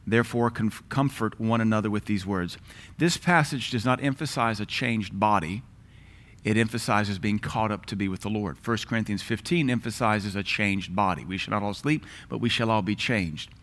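A man teaching a Bible class in an earnest, emphatic way, slowing down and lifting his voice to read scripture aloud. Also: lowish voice, a bit bright. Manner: earnest, emphatic, slows and lifts his voice when reading scripture.

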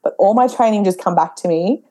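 Fast-talking young woman with a mellow tone. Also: mid-range voice. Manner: animated storyteller, acts out her own past dialogue. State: pregnant. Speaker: podcast guest. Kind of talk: casual interview chat.

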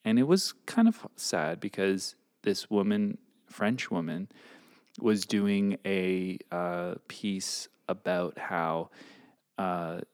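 A man's voice: low-pitched, slow, darkish tone, clear, resonant tone, no room sound, studio quality. A man co-hosting a podcast in casual chat, playful and jokey, telling wandering anecdotes with plenty of fillers. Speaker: podcast co-host.

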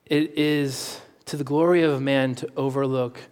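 A man in his thirties preaching a sermon, telling personal stories and acting out the dialogue in quick, animated voices. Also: medium pitch, clear, resonant tone. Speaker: pastor. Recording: long reverb in a hall.

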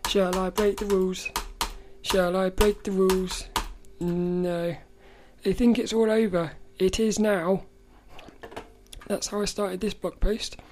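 Dark-voiced rambling woman podcaster. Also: mid-range voice, steady tone, slow pace, a little hiss or hum. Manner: rambling, stop-start, self-correcting. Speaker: podcast host. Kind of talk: casual solo chat.

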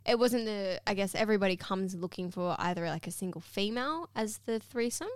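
A woman's voice: medium pitch, animated, brisk, no echo. A woman with a mid-range voice keeps up teasing, giggly banter. She sounds a little hungover. The mic is close, with no room sound. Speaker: podcast co-host. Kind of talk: casual chat.

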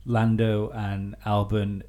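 A man's voice: lowish voice, completely flat delivery, slow pace, dark tone. A man co-hosting a casual chat, making blunt, dry jokes. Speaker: podcast co-host.

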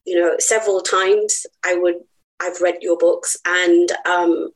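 A woman's voice: lowish voice, level tone, measured pace, low-quality recording. Earnest woman guest telling her story. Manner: earnest, heartfelt, laughs easily. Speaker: podcast guest. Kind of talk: personal storytelling in an interview.

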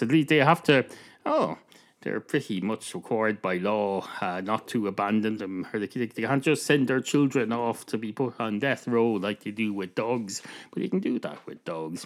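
An Irish man hosting a podcast, telling a rambling comic story full of swearing and deadpan asides. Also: medium pitch. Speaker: podcast host.

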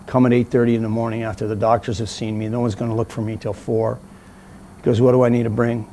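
A man's voice: medium pitch, fast talker, slight background noise. A middle-aged man, an interview guest, telling a story casually and acting out the voices of the people in it. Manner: animated storyteller, acts out quoted voices.

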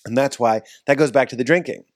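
A man's voice: medium pitch, fast talker. A man, a podcast host, in casual conversation, rambling and restarting his sentences. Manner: rambling, self-interrupting, with frequent restarts.

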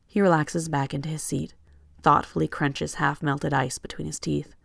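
A reader tells a second-person story in a measured, soft way. The voice has a gravelly edge at a middle pitch and sounds dry and close to the mic. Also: level tone, no room sound. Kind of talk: second-person fiction narration.

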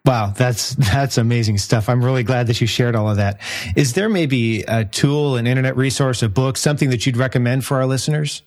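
A man's voice: medium pitch, fairly quick. A man hosting a podcast interview, upbeat and encouraging toward his guest. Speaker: podcast host.

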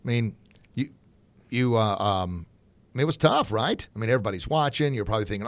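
A man's voice: mid-range voice, brisk, no room sound. A middle-aged man hosting a podcast and running a martial arts academy, talking with earnest passion and calling his listeners folks.

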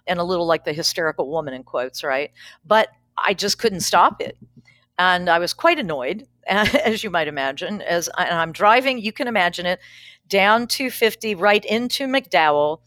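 A woman's voice: lowish voice, fairly bright tone, no room sound. A middle-aged woman, a pastor, candidly telling a personal story in an interview, frank and plainspoken with wry humor. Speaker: pastor, guest.

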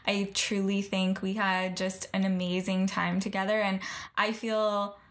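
A woman's voice: medium pitch, little pitch movement, a little slow. A woman podcast host and coach on a video call, speaking in an affirming way and often closing her points with "right?". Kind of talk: casual conversation.

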